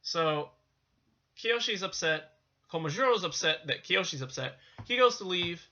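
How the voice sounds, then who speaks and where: A man's voice: sits high, expressive, measured pace, sharp tone. A man casually recapping a film's plot, rambling with many fillers and restarts. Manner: rambling, full of "you know" and restarts. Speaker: film reviewer. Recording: dull lo-fi sound.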